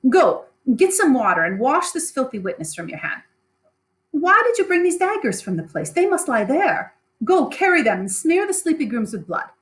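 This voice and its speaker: A woman voicing a scheming noblewoman who gives brisk commands, in a raised reading voice. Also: high-pitched, big pitch swings, voice pushed up. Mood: commanding. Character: cool, scheming noblewoman doing damage control.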